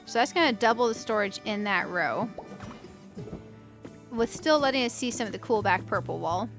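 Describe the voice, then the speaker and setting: A woman's voice: fairly high pitch, lively intonation, moderate pace, music in the background. A woman hosting a casual let's-play, chatting to her viewers as she builds and thinking aloud in a playful, self-mocking way. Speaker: gaming channel host.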